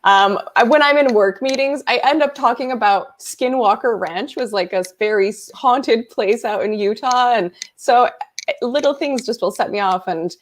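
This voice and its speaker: A woman's voice: on the high side, normal speed. A woman from upstate New York, a guest on a podcast, talking in a chatty, enthusiastic way and laughing often, heard over a video call. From upstate New York, USA. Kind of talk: casual chat.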